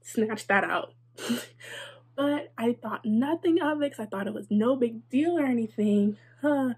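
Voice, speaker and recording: A woman's voice: on the high side, a little slow, husky. A young adult woman telling a casual storytime, chatty and sarcastic, with lots of "like" and wry asides. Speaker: vlogger.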